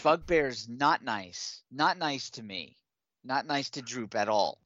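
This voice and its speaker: A man voicing a small, fawning male goblin captive who talks in broken, squeaky speech. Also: animated, slow, fairly bright tone, no echo, muffled recording. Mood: whiny.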